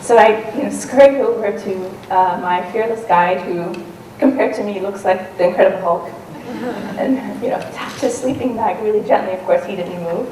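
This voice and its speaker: A woman's voice: medium pitch, moderate pace, mellow. A woman giving a storytelling talk on stage, conversational, with frequent ums and restarts. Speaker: talk speaker, adventurer. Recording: roomy and distant with faint noise.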